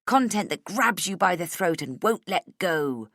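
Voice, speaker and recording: A woman's voice: lowish voice, expressive, measured pace, fairly bright tone, no echo, clean studio sound, voice pushed up, heavily acted. A woman putting on a gushing, pushy young coworker.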